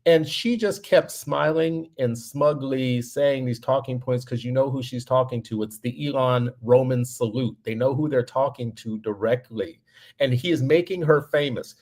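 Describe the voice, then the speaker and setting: A man's voice: medium pitch, normal speed, a little mellow. A man co-hosting a podcast, telling a story in casual commentary and getting heated and emphatic as he goes. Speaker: podcast co-host.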